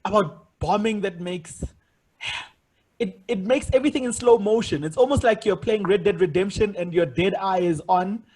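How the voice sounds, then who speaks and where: A male podcast host with a high, husky voice. He talks in casual bursts and often stops and restarts his sentences as he tells a story. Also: normal speed, darkish tone. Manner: storytelling with many restarts and repeated words. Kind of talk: casual interview chat.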